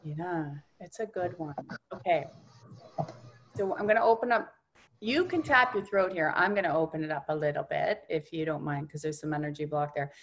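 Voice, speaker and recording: Lady doing an energy healing session, low-ish voice, soft and reassuring, goes quiet a lot. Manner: soft-spoken, often dropping to a hushed tone; unhurried, reassuring coaching. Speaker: energy healer.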